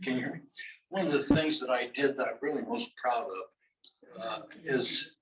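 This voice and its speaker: An older man giving a talk at a luncheon, halting with many filler sounds and drawing the audience in with questions. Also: medium pitch, far from the mic, rough recording. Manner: engages the audience with questions and call-and-response. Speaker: guest speaker. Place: luncheon meeting room. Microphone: microphone held at a distance. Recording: voice heard from off the mic.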